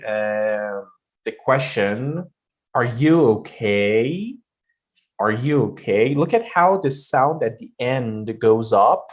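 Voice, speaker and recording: A man teaching pronunciation in a deliberate way, repeating phrases to show how the voice rises and falls. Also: mid-range voice. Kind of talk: slow spoken lesson.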